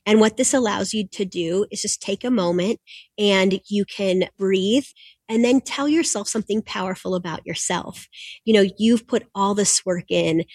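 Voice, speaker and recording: A woman's voice: mid-range voice, slightly rough, no echo, clean studio sound. A woman guest who works as a performance coach, explaining her techniques in an encouraging, instructive way.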